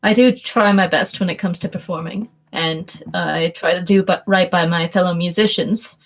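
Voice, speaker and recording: A woman voicing a polite, slightly awkward female lounge singer who speaks softly and apologetically, with a trace of sarcasm. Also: lowish voice, normal speed, voice pushed down. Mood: modest. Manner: soft-spoken and apologetic, a bit sarcastic.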